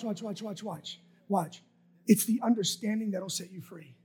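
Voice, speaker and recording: A man preaching a sermon and leading a prayer, fervent and rhythmic, repeating phrases and swinging from soft whispers to shouts. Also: high-pitched, breathy edge.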